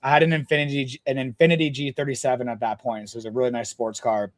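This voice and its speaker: A man's voice: medium pitch, little pitch movement, very fast. A young man telling stories in a casual podcast chat, blunt and full of swearing. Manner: blunt, profane storytelling. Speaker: guest.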